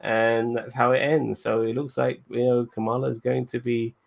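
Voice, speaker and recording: A man's voice: mid-range voice, level tone, normal speed, gravelly. A man hosting a podcast, giving a rambling, laid-back and profane recap of a TV episode. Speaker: podcast host.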